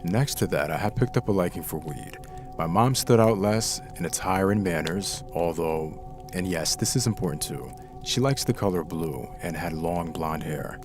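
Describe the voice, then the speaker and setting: A man narrating true scary stories in the first person, reading them dramatically. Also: low-pitched. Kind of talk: scripted horror story narration.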